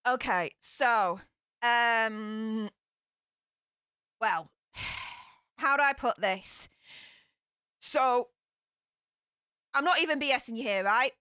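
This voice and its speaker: A woman's voice: a little high, very slow, pauses often, sharp tone, clear, resonant tone, dry recording, studio quality. A young woman with a broad Yorkshire accent, chatting frankly to her live-stream audience with lots of fillers and sighs. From Yorkshire, England. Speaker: YouTube streamer. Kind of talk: casual live-stream chat.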